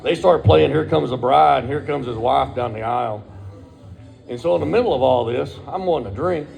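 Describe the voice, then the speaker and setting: A man's voice: mid-range voice, fairly quick, creaky, darkish tone, soft background music. A middle-aged man, telling a crude, profane personal story in a laid-back way.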